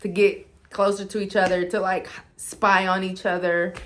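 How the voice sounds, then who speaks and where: A woman telling a storytime in a casual, animated way, leaning on "like" and acting out what people said, while she is losing her voice. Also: medium pitch, moderate pace. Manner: animated, heavy use of "like", acts out quotes.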